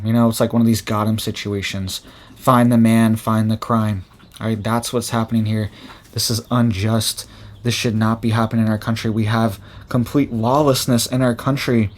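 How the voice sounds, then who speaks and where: A man hosting a news commentary video, reading reports aloud and repeating himself in an agitated, talkative way. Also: mid-range voice. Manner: agitated, repetitive, reads a list aloud. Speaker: commentary channel host.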